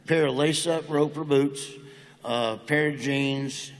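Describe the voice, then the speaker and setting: A man's voice: a little high, steady tone, slow, in a large hall, low-quality recording. A middle-aged man with a Southern American accent, telling stories as a guest in a casual stage interview before a live audience. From Nebraska, United States. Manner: joking, drawling storyteller.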